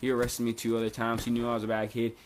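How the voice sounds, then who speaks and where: A man's voice: medium pitch, monotone, very fast, slight background noise. A young man vlogging a casual storytime, rambling and laid-back, with lots of "like" fillers.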